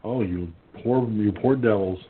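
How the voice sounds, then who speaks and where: A husky-voiced man hosts a casual call-in radio chat, rambling through a story with plenty of fillers and restarts. He acts out his friends' lines as he goes. His voice comes through a tinny, phone-like line. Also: lowish voice, measured pace. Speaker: radio show host.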